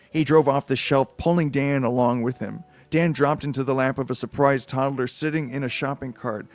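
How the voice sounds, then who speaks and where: A man casually reading a novelization aloud on a live stream, with chatty asides. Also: medium pitch. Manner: loose, chatty asides and restarts.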